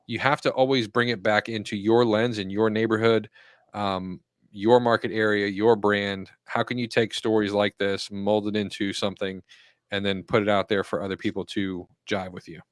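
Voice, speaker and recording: A male podcast co-host with a fairly low voice gives advice in a measured, thoughtful way. He pauses with ums and restarts his sentences. The sound is dry and close to the mic. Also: level tone, clean tone, no echo. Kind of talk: casual podcast chat.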